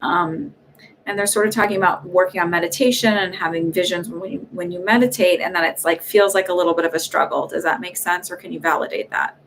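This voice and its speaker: Chatty low-voiced woman doing live readings. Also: fairly even intonation, quick pace, fairly bright tone, a little hiss or hum. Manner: chatty, hesitant fillers and restarts. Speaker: psychic medium host.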